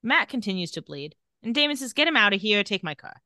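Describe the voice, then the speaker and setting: A woman's voice: mid-range voice, sing-song, fast talker, bright, forceful tone, dry recording, studio quality. A woman casually recapping a TV episode and reading the characters' lines with light sarcasm. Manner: retells scenes and reads quotes with light sarcasm. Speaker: podcast co-host recapping a TV episode.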